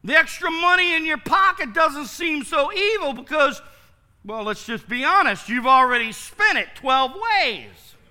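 Man pastor mid-sermon, lively high voice, pressing and repeating points. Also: a little slow. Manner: emphatic, repetitive preaching with rhetorical questions.

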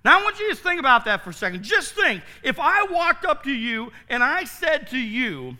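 Man pastor mid-sermon, lively high voice, pressing and repeating points. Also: normal speed, hardly any pauses. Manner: emphatic, repetitive preaching with rhetorical questions.

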